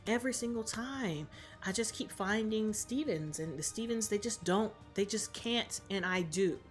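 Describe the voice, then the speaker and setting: A woman's voice: medium pitch, lively intonation, normal speed, faint music behind, close to an everyday voice. A woman voicing a gloating evil sorcerer man who rambles smugly. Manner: smug, rambling.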